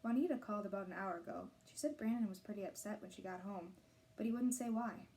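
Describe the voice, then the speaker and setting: A caring, protective mother who speaks in a gentle, reassuring way, as a woman puts her on while reading aloud. Her tone is mellow and soft rather than bright. She remains firm when she needs to be. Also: medium pitch, fast talker, lightly acted.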